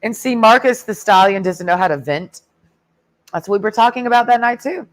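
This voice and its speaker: A woman's voice: on the high side, fairly quick, no room sound. A woman ranting in a heated, sarcastic and profane way in a casual vlog. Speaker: vlogger. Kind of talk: casual rant.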